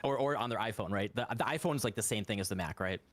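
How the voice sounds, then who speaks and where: A man's voice: on the low side, fast, dry recording. A man talking casually on a live stream about the tool he is building, rambling and laughing often. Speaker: guest developer of a game tool.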